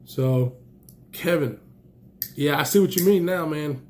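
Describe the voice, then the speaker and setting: A man's voice: fairly high pitch, unhurried, darkish tone. A man chatting casually while unboxing knives and flashlights, enthusiastic and rambling, a bit stuffy from allergies. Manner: enthusiastic, rambling, exclaims often. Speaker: knife and gear reviewer.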